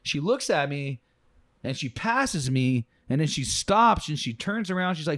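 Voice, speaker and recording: Profane, animated male storyteller. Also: fairly high pitch, a little slow, no room sound, studio quality. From United States. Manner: profane, animated storyteller, loud acted quotes. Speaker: podcast co-host. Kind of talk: casual storytelling chat.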